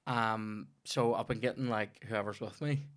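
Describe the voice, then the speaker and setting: A man's voice: fairly low pitch, fairly even intonation, unhurried. A young man, a comedian chatting casually on a podcast and telling rambling, sweary stories.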